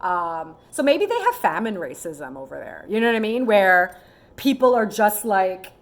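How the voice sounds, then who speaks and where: A woman in her thirties talking casually to camera as a vlogger, animated and given to mimicking other people in quoted asides. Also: fairly high pitch, brisk.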